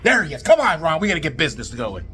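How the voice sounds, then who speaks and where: A man cutting a brash, rambling comedic wrestling promo, full of fillers and sudden yells. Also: a little high, huge pitch swings, racing, over loud music.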